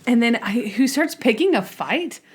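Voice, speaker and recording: A woman's voice: fairly high pitch, normal speed, breathy edge. A woman co-hosting a podcast in casual chat, retelling scenes with lots of acted-out quotes. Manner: animated retelling, acting out scenes in quoted voices. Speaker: podcast co-host.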